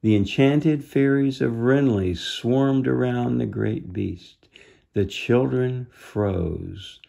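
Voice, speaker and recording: A man reading a children's book aloud, pausing to explain the story gently to young listeners. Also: medium pitch, gravelly. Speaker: storybook reader.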